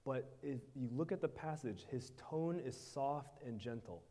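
A man preaching a sermon in short phrases, pausing so an interpreter can follow. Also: mid-range voice, lively intonation, warm tone. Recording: hall reverb.

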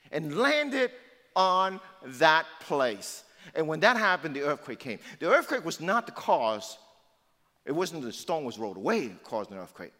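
A man preaching an Easter sermon, retelling the story with swings from loud to hushed. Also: on the high side, big-room sound. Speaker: pastor.

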